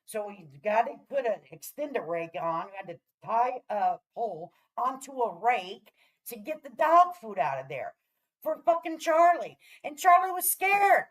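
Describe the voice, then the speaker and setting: A woman's voice: on the high side, very animated, normal speed, rough recording. A middle-aged woman ranting casually to her viewers in a profane, rambling, heated way, often checking in with "all right?". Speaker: vlogger. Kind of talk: casual rant to camera.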